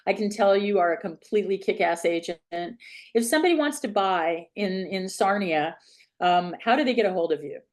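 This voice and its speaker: A woman's voice: medium pitch, lively intonation, moderate pace. A woman hosting a podcast over a video call, effusive and full of compliments in casual chat. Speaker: podcast host.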